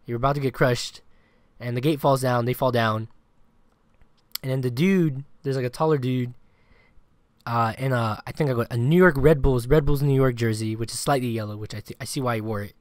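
A man's voice: medium pitch, fairly quick. A man co-hosting a casual sports podcast, recounting a chaotic story at length. His voice sits in an ordinary middle range and sounds dry, with no room echo. He rambles, piles on filler words and swears now and then. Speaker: podcast co-host.

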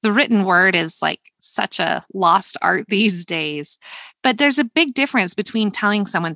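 A woman co-hosting a podcast in a casual, earnest chat, reflecting aloud and slowing down to stress her points. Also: lowish voice, expressive, bright, forceful tone, dry recording. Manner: earnest, reflective, slows down for emphasis. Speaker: podcast co-host.

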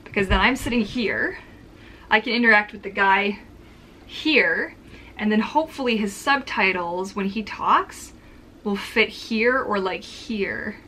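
In a casual vlog chat from her at-home filming corner, a woman rambles to camera with many filler words. Her mid-range voice sounds pushed and bright, and there's slight background noise.

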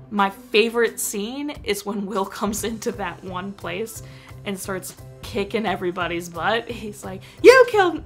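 A woman's voice: lowish voice, gravelly, fairly bright tone. A young woman chatting casually as she reviews a movie for her vlog, filling her talk with "like.". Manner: chatty, full of "like" fillers.

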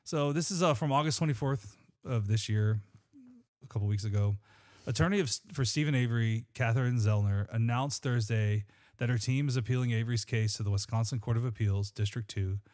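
A man's voice: mid-range voice, a little fast, darkish tone. A man, co-hosting a podcast, reading scripture and chatting in an earnest, rambling way with restarts. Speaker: podcast co-host. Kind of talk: scripture reading and casual chat.

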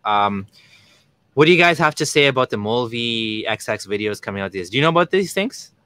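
A man's voice: mid-range voice, expressive, fairly quick, sharp tone, no room sound. A man in a casual podcast chat, joking loosely with lots of fillers. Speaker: co-host.

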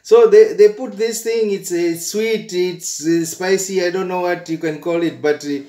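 A man tells a travel story in a casual, animated vlog. He often stammers and repeats words as he talks. His voice sits fairly high, and the room around him is echoey. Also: normal speed. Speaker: travel vlogger.

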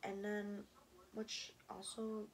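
A woman's voice: medium pitch, completely flat delivery, takes it slowly, noisy background. A young woman vlogger telling a story in a casual, rambling way, full of fillers and restarts, and now and then she drops to a whisper.

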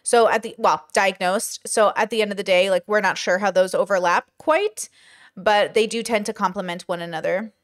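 A woman giving casual reaction commentary, chatty and thinking aloud as she pauses a video to comment. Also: medium pitch. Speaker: commentary streamer.

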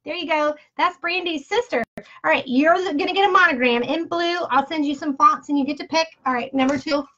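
A woman's voice: high voice, a little fast, sharp tone. A woman hosting a casual live giveaway stream, chatty and playful with jokey asides. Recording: dull lo-fi live-stream audio.

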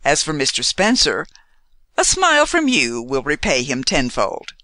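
A man voicing a polished, courteous gentleman with a foreign air and a faintly mocking manner in a storybook reading. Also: a little high, huge pitch swings, unhurried, dry recording, full character voice.

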